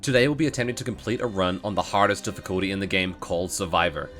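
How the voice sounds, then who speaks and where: A man's voice: deep voice, fast, fairly bright tone, faint music behind. A man giving playful, joking commentary on a video game as a streamer. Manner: playful, joking, laughs often.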